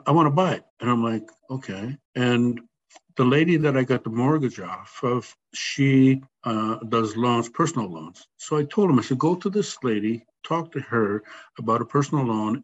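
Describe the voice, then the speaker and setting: A man telling a personal story as a podcast guest, animated and acting out the voices of the people in it. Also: medium pitch, slightly rough. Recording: slightly dull sound, faint background noise.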